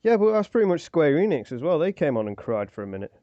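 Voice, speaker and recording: A man's voice: fairly high pitch, sing-song, fast, no room sound. A man chatting casually on a podcast with dry, sardonic remarks. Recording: dull lo-fi audio.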